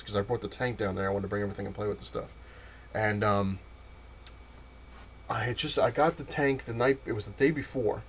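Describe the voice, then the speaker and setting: A man's voice: on the low side, a little hiss or hum. A man casually telling a long personal story in a rambling, wry way with many restarts. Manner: rambling, frequent restarts and fillers, wry laughs. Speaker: vlogger telling a childhood story.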